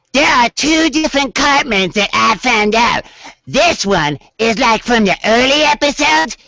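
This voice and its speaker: A spoiled, bossy cartoon boy with a gravelly, bright voice. He drawls slowly, with his pitch swooping all over. The sound is a dull, dry video call recording. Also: no echo, exaggerated voice. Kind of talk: cartoon voice impression.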